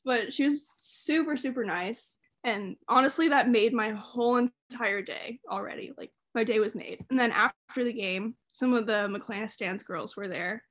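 Here a woman co-hosting a podcast tells a story in a giggly, casual chat, her accent from the Southern United States. The pitch is fairly high, the speed normal, and there are hardly any pauses. She narrates with animation, laughing often and filling her speech with fillers.

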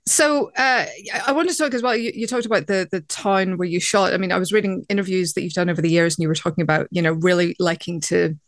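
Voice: medium pitch, fast, few pauses, dry recording, studio quality. An interviewer asking questions and affirming answers, hedging with fillers.

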